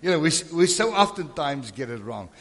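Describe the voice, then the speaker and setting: A man's voice: fairly high pitch, sing-song, moderate pace, slight background noise. A man preaching a sermon to a congregation, calling out for amens and responses as he teaches from scripture. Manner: calls for amens and crowd responses. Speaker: pastor. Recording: long hall reverb.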